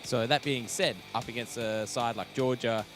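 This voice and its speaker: A man's voice: mid-range voice, fairly even intonation, normal speed, fairly bright tone. A man doing blunt, joking live esports commentary and analysis. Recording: faint music behind.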